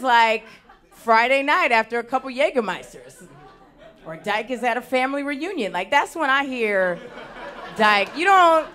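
A young woman doing a stand-up comedy set on a theater stage, talking with lively, animated swings in loudness. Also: fairly high pitch. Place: theater stage before a live audience.

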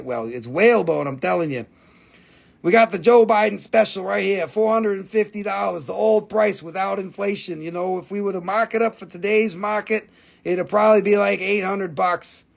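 A man's voice: sits high, fairly even intonation, normal speed, gravelly. A man hosting a casual live stream selling rocks, joking and rambling with plenty of swearing. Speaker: rock shop seller.

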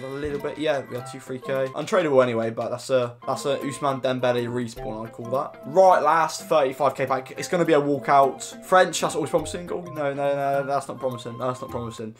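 A man's voice: medium pitch, fairly quick, few pauses. A young man with an English accent chatting his way through a football game pack opening, rambling with lots of fillers. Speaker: gaming YouTuber. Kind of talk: casual gaming commentary. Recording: music playing behind.

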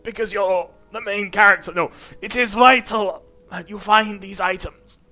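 Man doing a dying old wizard mentor, high-pitched and forceful, theatrical and slow. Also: steady tone, faint music behind. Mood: grandly dramatic. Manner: dramatic, drawn-out, quavering.

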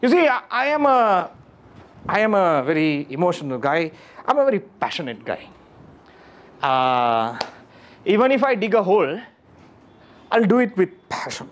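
A man's voice: high voice, moderate pace, long pauses. A man giving a motivational talk to a live audience, questioning them often and repeating key phrases for emphasis. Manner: animated, keeps questioning the audience. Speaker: motivational speaker. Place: lecture room with audience.

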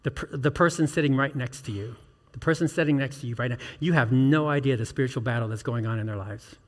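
A man's voice: mid-range voice, fast talker, long reverb tail. A male pastor preaching an earnest sermon, asking the congregation questions and building to emphatic peaks. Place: church sanctuary.

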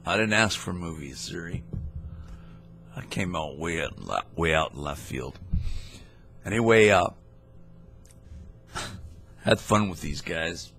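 A man's voice: low-pitched, expressive, slow, pauses often, fairly bright tone, slight background noise. A man hosting a scam-baiting video, playing a mock-naive caller with a rambling, playful manner. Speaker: host of a scam-baiting channel. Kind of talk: prank phone call and casual vlog talk.

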